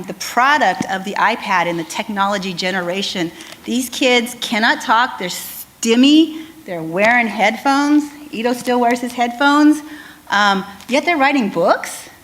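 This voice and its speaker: A woman with a fairly high voice gives a lively presentation as a speech pathologist. She talks to the audience in an animated storytelling way, full of ums and quick restarts. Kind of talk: conference talk with anecdotes.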